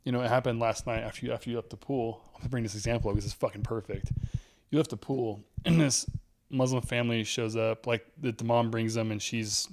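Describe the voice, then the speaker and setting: A man's voice: mid-range voice, fairly even intonation, quick pace, a little mellow. A man telling a story in casual podcast chat, blunt and rambling, swearing often.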